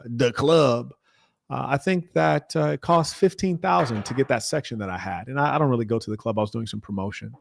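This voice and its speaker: With a mid-range voice marked by vocal fry, this American streamer launches into an animated storytelling rant, mimicking and ridiculing the people involved. The studio recording is clean and echo-free.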